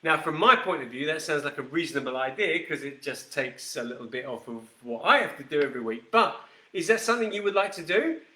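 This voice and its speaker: A man's voice: on the high side, animated, fairly quick, pushed and bright, roomy sound. A man hosting a live whisky show, chatting casually with viewers by name and rambling as he demonstrates a cocktail. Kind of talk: casual live-stream chat and cocktail demo.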